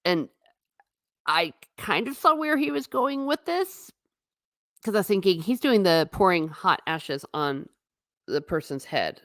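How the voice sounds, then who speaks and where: A woman with a low-pitched voice chats her way through a TV review on a live stream, slipping into the characters' lines as she retells scenes. The sound is dry and close, with no room echo. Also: a little slow. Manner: animated, acts out quotes from scenes. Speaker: TV show reviewer.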